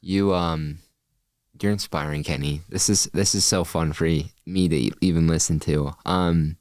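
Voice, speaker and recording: A young man hosts a casual podcast interview in a low voice, recorded dry and close. He keeps the conversation going with short encouraging replies and follow-up questions. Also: fairly even intonation, moderate pace, a little mellow, dry recording. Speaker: podcast host.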